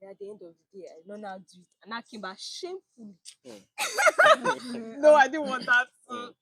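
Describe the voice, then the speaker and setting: This teaching fellow, a Nigerian woman with a Nigerian English accent, tells her teaching story to a casual group chat, voicing quotes and laughing a lot. She speaks at a normal speed in a high, fairly bright voice that swings hugely in pitch. It's a low-quality recording.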